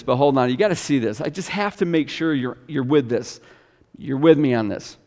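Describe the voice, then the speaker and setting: Man, pastor, high voice, sermon, conversational preaching, hushed asides and loud bursts, long hall reverb. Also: gravelly.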